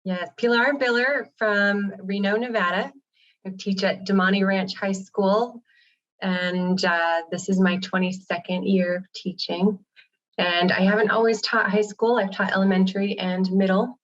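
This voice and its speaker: A woman who teaches high school art, telling her story plainly on a panel. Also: steady tone, measured pace. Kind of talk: casual panel chat. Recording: dull lo-fi audio.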